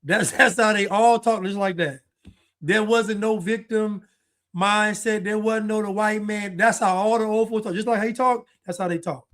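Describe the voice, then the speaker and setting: A man's voice: sits high, fairly even intonation, moderate pace, a bit bright. A man giving casual live-stream commentary who thanks viewers and muses aloud, often trailing off and starting over. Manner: chatty, musing, trails off and restarts. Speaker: livestream commentator.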